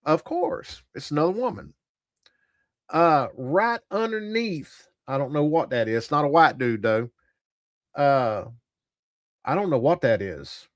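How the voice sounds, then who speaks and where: Blunt, animated male streamer. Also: on the high side, a little slow, long pauses, no room sound, studio quality. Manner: blunt, profane and rambling. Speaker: tabletop gaming channel host. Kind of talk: casual livestream commentary.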